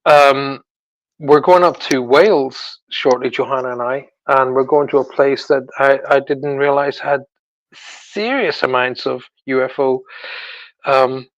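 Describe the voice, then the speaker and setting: A man's voice: medium pitch, measured pace, no echo, lo-fi sound. A man, a psychic medium guest, chatting in a casual interview and animatedly acting out what he describes with sound effects. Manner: animated storyteller, acts out sounds.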